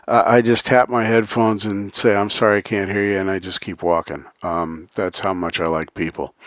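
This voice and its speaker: A man's voice: fairly low pitch, a bit bright, no room sound, clean studio sound. A man hosting a casual livestream, talking earnestly to his chat with many ums and uhs and frequent chuckles. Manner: chuckles often, reads out chat names. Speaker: livestream host.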